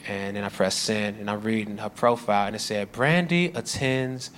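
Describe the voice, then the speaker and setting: A man performing a deadpan stand-up comedy set with a dry delivery. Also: fairly low pitch, moderate pace. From United States. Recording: live club recording with crowd noise.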